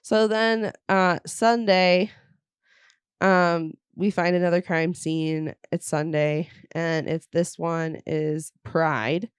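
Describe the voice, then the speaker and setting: A young woman hosting a podcast, casually recapping a movie as an animated storyteller who swears freely and laughs a lot. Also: fairly low pitch, takes it slowly, clean tone, no echo, clean studio sound. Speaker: podcast host.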